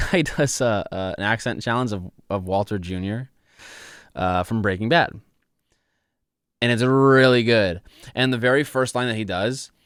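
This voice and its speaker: A young man hosting a casual podcast, loose and excitable, swearing freely and laughing often. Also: lowish voice, clear, resonant tone, dry recording, studio quality. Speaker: podcast host. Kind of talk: casual solo podcast chat.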